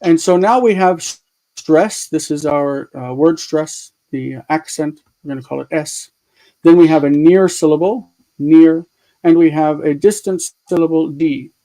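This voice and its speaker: Guy running an online grammar class on a call, gravelly voice, walks thru it slow and chatty. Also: a little high, dark tone, rough recording. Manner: chatty, thinks aloud while fiddling with screen tools; patient step-by-step explaining with repeated examples. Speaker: Hebrew grammar teacher. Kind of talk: live online grammar lesson.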